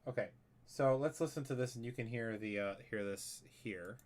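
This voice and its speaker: A man thinks aloud while editing a score in a casual screen-share tutorial, explaining a music arrangement, rambling, and correcting himself. His mid-range voice is a little mellow and moves at a moderate pace.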